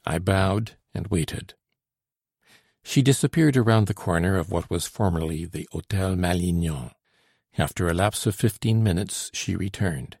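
A male audiobook narrator with a low, gravelly, husky voice and a dark tone. He reads period prose in a steady, measured way. The sound is dry and close. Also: no room sound. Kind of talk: scripted narration.

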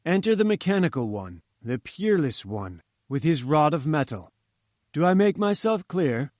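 A man reads a classic tale aloud in a measured, expressive way, shading the narrator's own dialogue with feeling. His voice sits a little above the usual male pitch. The recording is dry and close. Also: no room sound. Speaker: audiobook narrator.

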